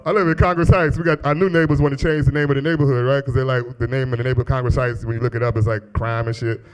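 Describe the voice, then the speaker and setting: Profane stand-up comic working a club crowd. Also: male voice, mid-range voice, little pitch movement, rapid-fire, smooth. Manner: loose, crowd-teasing, profane, laughs at own jokes. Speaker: stand-up comedian. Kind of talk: live stand-up set. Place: small comedy club. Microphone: handheld stage mic.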